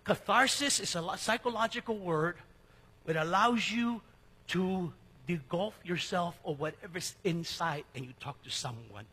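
A middle-aged man preaching a sermon as pastor in a church, talking in a casual, joking way with sudden drops to a hush. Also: sits high, a little slow, breathy edge. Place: church sanctuary. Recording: long hall reverb.

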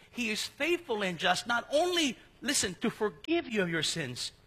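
High, bright-voiced pastor preaching in a hall. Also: male voice, husky. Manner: conversational, jokey preaching with sudden drops to a hush. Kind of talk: sermon. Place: church sanctuary. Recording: long hall reverb.

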